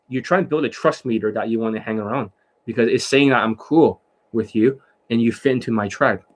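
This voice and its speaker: A man's voice: medium pitch, slightly rough. A man giving a casual coaching talk on dating, blunt and profane, who keeps checking in with the listener through rhetorical questions.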